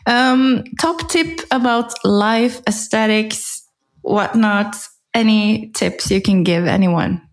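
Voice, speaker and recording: A woman hosting a podcast, asking casual questions in an unhurried way. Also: mid-range voice. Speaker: podcast host.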